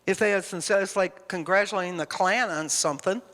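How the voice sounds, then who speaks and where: A woman's voice: mid-range voice, brisk, a bit bright. Woman, church speaker, conversational sermon, emphatic, rambling, long hall reverb. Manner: emphatic, rambling, questions the congregation.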